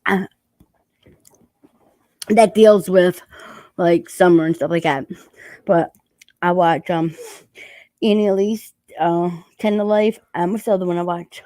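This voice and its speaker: A woman's voice: on the low side, fairly even intonation, measured pace, pauses often, mellow, dry recording. A woman hosting a casual chat, talking while eating and laughing often. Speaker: channel host.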